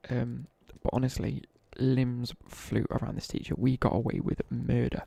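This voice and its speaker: A young British man rambles through cheeky school anecdotes on a live stream, full of slang and asides. His voice is gravelly and husky with a dark, mellow tone. The sound is close and dry. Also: medium pitch, level tone, normal speed, no echo. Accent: British English. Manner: chatty, laddish anecdotes with slang, asides while gaming. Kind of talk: casual live-stream storytelling.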